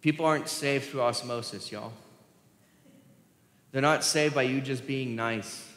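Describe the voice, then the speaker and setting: A man's voice: mid-range voice, fairly even intonation, measured pace, fairly bright tone. A male pastor, preaching a sermon in a conversational style that rises for emphasis. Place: church sanctuary. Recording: echoey hall reverb.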